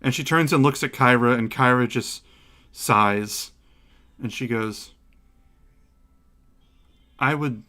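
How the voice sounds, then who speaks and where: A man narrating as game master of a tabletop game, relaxed and hesitant, with frequent ums. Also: medium pitch, a little slow.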